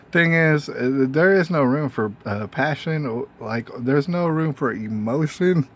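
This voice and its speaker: A man's voice: fairly high pitch, animated, normal speed. A man delivers a solo monologue for his own show. He wanders from point to point, filling gaps with "uh" and "you know," and keeps checking in with rhetorical questions. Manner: meandering, frequent fillers and rhetorical questions. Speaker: host. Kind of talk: casual monologue.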